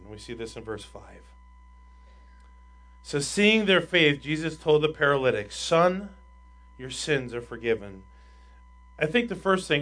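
In this sermon, a man with a medium-pitched voice preaches as pastor. He is emphatic, asking the congregation rhetorical questions as his voice rises loud and falls quiet.

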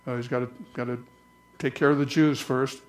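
A man preaching a conversational church sermon, slowing down to read scripture aloud. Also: medium pitch, little pitch movement. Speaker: pastor.

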